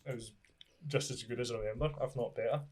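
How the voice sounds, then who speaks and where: A man's voice: medium pitch, fairly even intonation, fast talker, darkish tone. A young man with a Scottish accent, a guest in a casual chat, rambling through restarts and laughing often. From Scotland.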